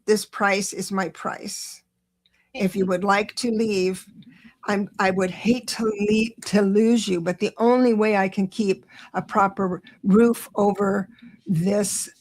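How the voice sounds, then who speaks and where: Middle-aged woman, gravelly voice, warm chatty live tarot reader who gets excited and speeds up. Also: mid-range voice. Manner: chatty, reassuring, talks to viewers directly; excitable, rushes then slows down. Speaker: astrologer doing live tarot readings. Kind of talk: live-stream tarot reading.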